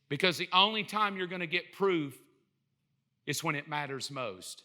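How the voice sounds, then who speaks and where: A man preaching a humorous sermon, animated and joking as he acts out the people in his stories. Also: a little high, a little slow. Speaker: pastor.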